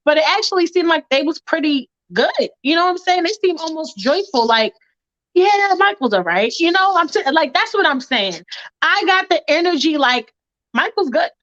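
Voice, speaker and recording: A high-pitched woman talks in a loose, animated podcast chat and acts out her own reactions as she tells a story. The audio sounds muffled and lo-fi. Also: fairly quick, no room sound. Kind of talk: casual chat.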